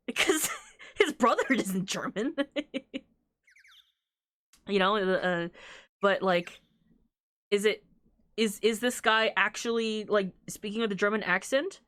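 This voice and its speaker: A woman's voice: mid-range voice, takes it slowly, long pauses, a bit bright. A woman streaming a visual novel, chatting casually and reading its lines aloud, laughing often between remarks.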